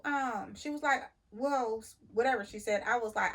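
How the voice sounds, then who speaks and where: A woman, a truck driver, telling a story in a casual, animated and indignant way. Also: sits high, normal speed. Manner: animated, indignant retelling with laughs.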